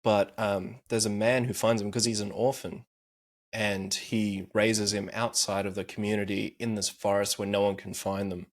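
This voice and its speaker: A man's voice: on the low side, little pitch movement, normal speed. A young man recapping anime on a podcast, laughing often and swearing casually as he tells the story.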